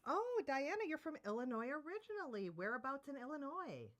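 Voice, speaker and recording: A woman's voice: high-pitched, sing-song, fairly quick, fairly bright tone. A woman co-hosting a casual livestream, reacting to comments and chatting about her day. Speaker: co-host.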